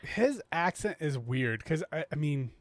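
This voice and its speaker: A man's voice: a little high, expressive, a little slow, dry recording. A young man co-hosting a podcast, chatting casually about a film and laughing easily as he talks. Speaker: podcast co-host.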